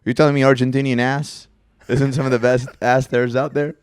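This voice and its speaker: A man's voice: mid-range voice, little pitch movement, brisk, clean tone, no room sound, clean studio sound. A young man co-hosting a podcast, telling stories in a rambling casual way with lots of fillers. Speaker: podcast co-host. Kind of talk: casual chat. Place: festival venue, on a couch.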